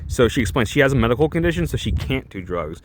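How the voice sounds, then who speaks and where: Male commentary host, lively pitch, sarcastic exasperated rant. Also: quick pace, slight background noise. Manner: exasperated, sarcastic, many restarts and profanity. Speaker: commentary YouTuber. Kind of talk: ranting reaction commentary.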